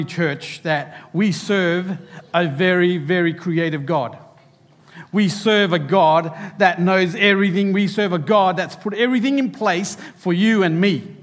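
High-voiced pastor preaching. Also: male voice, long reverb tail. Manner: animated preaching, addressing children directly. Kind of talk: sermon to a church. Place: church hall.

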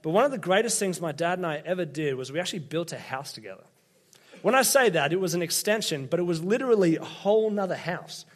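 A young man with an Australian accent preaches in a relaxed, conversational way, mixing funny family stories with scripture. His voice sits a little higher than most men's, and he talks to the congregation like friends. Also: fast talker. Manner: chatty, self-deprecating storyteller. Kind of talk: casual sermon with personal stories. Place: church hall with congregation.

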